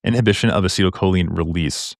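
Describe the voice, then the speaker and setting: A deep, low-voiced man talks quickly, explaining exam questions like a tutor. His delivery is casual and jokey, with fast asides. The sound is dry and close, with no room echo. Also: creaky.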